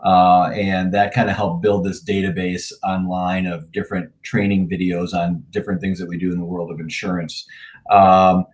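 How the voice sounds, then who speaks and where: A managing partner talking casually in a remote interview, relaxed and plain-spoken, with frequent "uh"s and restarts over a video call. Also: male voice, low voice, moderate pace. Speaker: managing partner of an insurance agency.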